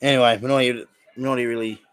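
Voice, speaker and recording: Rapid-fire and flat in delivery, a young Australian man with a clean, mid-range voice hosts a live stream watch-along. He offers casual commentary, reacting to plays and rambling across subjects.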